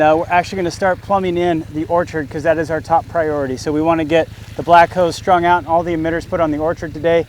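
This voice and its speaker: A high-pitched man works outdoors in an orchard, casually explaining a do-it-yourself task for his homesteading vlog. He thinks aloud and talks to his dog, and the recording carries a slight hiss or hum.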